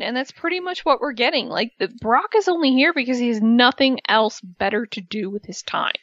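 A woman co-hosting a casual wrestling podcast, animated and acting out quotes as she talks. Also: on the high side, brisk, few pauses, no echo, muffled recording. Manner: animated, acts out quotes in voices. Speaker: podcast co-host.

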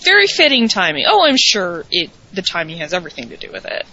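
A woman chats casually as co-host, eager and emphatic, stressing her points by repeating words. Her voice sits a little low but has a bright, forward edge. The recording sounds dull and lo-fi. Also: wildly swooping pitch, quick pace. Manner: enthusiastic, emphatic repetition. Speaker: podcast co-host. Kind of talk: casual wrestling recap chat. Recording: dull lo-fi audio.

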